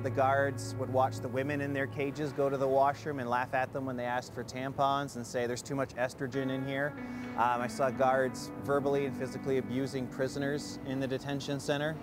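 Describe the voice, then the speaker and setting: A man giving earnest personal testimony as an interviewee, pausing often with fillers. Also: mid-range voice.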